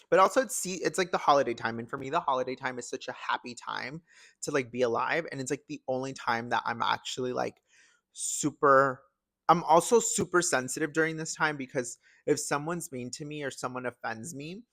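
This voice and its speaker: A man's voice: mid-range voice, vocal fry, fairly bright tone, no echo. A young man hosting a podcast alone, chatting casually and emotionally, with many fillers. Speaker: podcast host. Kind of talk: casual solo chat.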